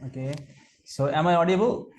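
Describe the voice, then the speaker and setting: A man who is a student asking a question on a video call, polite and hesitant, pausing often. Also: on the high side, darkish tone. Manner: hesitant, polite, many "uh" pauses.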